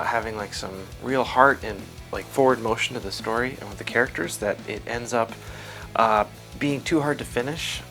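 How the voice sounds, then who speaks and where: A man's voice: mid-range voice, bright, forceful tone. A man in his thirties who writes and draws comics, answering interview questions in a rambling, self-deprecating way with many fillers, recorded in his home studio. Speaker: comic book writer and artist.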